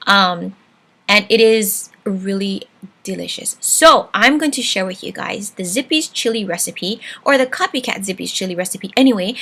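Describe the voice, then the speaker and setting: A woman's voice: medium pitch, pushed and bright. A woman from Hawaii hosting a cooking vlog, chatting with viewers in a digressive, friendly way. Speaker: cooking channel host. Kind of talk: casual cooking vlog chat.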